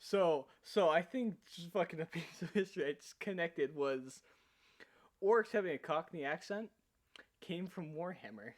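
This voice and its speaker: A man's voice: a little high, animated, normal speed. A man co-hosting a casual stream chat, rambling and correcting himself, laughing mid-sentence. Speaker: co-host.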